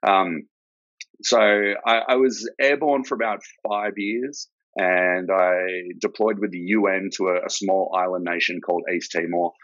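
Australian man, very deep voice, casual storyteller, cusses freely, muffled lo-fi sound. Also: unhurried, no room sound. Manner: laid-back, swears freely, animated storyteller. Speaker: guest, former soldier. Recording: dull, lo-fi and dry.

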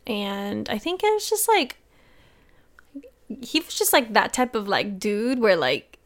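A woman's voice: medium pitch, very animated, measured pace. A woman co-hosting a podcast in casual chat, chiming in and finishing the storyteller's sentences. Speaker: podcast co-host.

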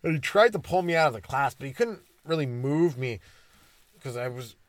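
A comedian talks through a meandering solo podcast bit at a middling pitch. He keeps breaking off his own sentences and throws in crude, deadpan irony. The recording is dry, with no room sound. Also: moderate pace, no room sound. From Ontario, Canada. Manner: meandering, self-interrupting, crude and ironic. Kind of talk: rambling comedic monologue.

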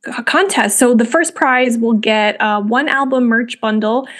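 A young woman hosts a music podcast in a chatty, rambling way, full of fillers and restarts. Her voice sits a little on the high side. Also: measured pace. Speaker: podcast host. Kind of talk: casual spoken commentary.

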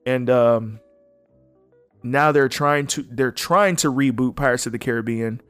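A young man hosting a casual solo podcast, blunt and animated, swearing freely as he comments. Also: mid-range voice, a little slow, clean tone, dry recording, faint music behind. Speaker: podcast host.

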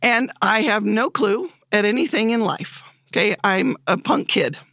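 A woman in her sixties, a podcast guest, telling stories in a lively way and acting out the voices she quotes. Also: mid-range voice, unhurried, dry recording. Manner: lively, animated storyteller who acts out quoted voices. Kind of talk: casual podcast storytelling.

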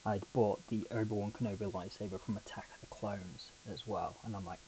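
A man's voice: lowish voice, steady tone, fairly quick, warm tone, slight background noise, rough recording. A man hosting a podcast on his own, telling a rambling, chatty story full of asides. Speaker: podcast host. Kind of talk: casual solo podcast chat.

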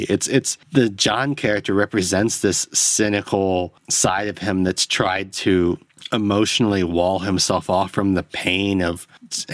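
Deep-voiced man ranting solo. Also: dry recording, studio quality. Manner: rambling, profane, self-deprecating. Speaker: podcast host. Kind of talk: solo film review rant. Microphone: close podcast microphone.

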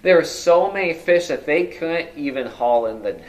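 Guy pastor preaching, kinda higher voice, lots of questions, goes loud then really soft. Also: expressive, normal speed. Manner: rhetorical questions, swings from loud to hushed. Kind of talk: sermon.

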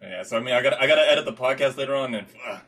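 A young man hosting a podcast, talking in halting, filler-heavy casual chat and laughing along. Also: mid-range voice, a bit bright. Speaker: podcast host.

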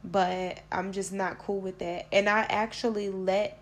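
A woman's voice: medium pitch, level tone, a little slow. A young woman hosting a podcast, recounting a personal story in a blunt, profane, conversational way. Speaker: podcast host.

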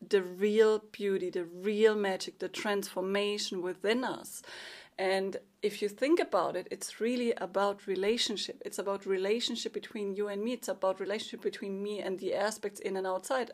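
A woman life coach giving an earnest, emotional solo monologue with soft laughs. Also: mid-range voice.

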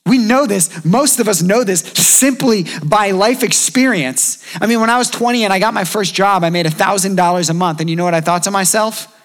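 A man in his thirties preaches a sermon in a relaxed, conversational tone. His voice sits fairly high for a man, and he acts out the figures he quotes. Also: fairly quick, few pauses. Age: 30s. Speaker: pastor.

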